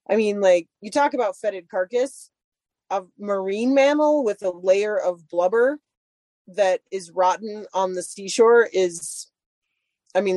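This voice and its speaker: A woman's voice: medium pitch, darkish tone, no room sound. A woman chatting casually and telling a long story about her dogs, full of "like" fillers. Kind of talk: casual chat.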